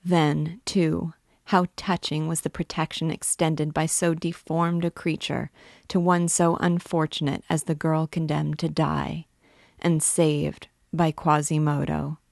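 Low-pitched woman reader, slow and measured literary narration, some vocal fry. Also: flat delivery, darkish tone, no room sound, studio quality. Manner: measured, deliberate reading. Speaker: book reader and guide. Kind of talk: literary read-aloud narration.

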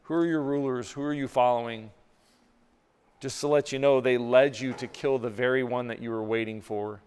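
A man's voice: medium pitch, fairly even intonation, normal speed, darkish tone, smooth. A man preaching a sermon as pastor, earnest, often repeating words as he builds a point. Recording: long hall reverb.

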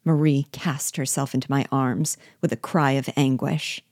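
Low-voiced woman reading a novel aloud. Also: fairly even intonation, normal speed, a little mellow, dry recording, clean studio sound. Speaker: reader.

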